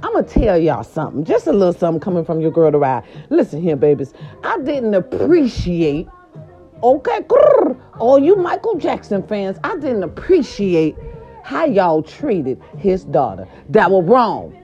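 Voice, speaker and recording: Animated woman ranting, dull lo-fi sound. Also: on the low side, normal speed. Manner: profane, repetitive, talks straight to her viewers. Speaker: vlogger. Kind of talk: casual rant to camera. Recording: dull lo-fi recording with faint music. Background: faint background music.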